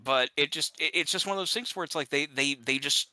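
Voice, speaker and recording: A man's voice: fairly high pitch, brisk, pushed and bright, no echo, poor audio. A man chatting casually while gaming, ranting with exasperation and many restarts. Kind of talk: casual chat.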